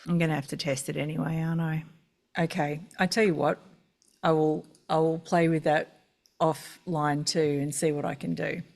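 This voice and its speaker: A woman's voice: deep voice, little pitch movement, normal speed, gravelly, darkish tone. A woman hosting a casual video call, chatty and rambling, with lots of fillers. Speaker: webinar host.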